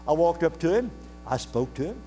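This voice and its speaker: Older pastor telling a story in an echoing hall. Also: male voice, on the high side, big pitch swings, brisk, mellow. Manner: folksy, earnest storyteller who asks the congregation questions. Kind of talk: sermon storytelling. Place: church sanctuary. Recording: reverberant hall with faint mains hum.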